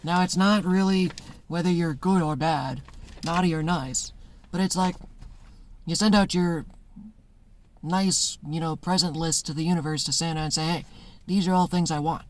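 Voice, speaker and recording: A man's voice: a little high, steady tone, moderate pace, long pauses. A man casually talking to camera from his notes, rambling and conversational, acting out little voices in his stories. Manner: acts out voices in anecdotes, laughs often. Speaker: spiritual content creator. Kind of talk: casual monologue.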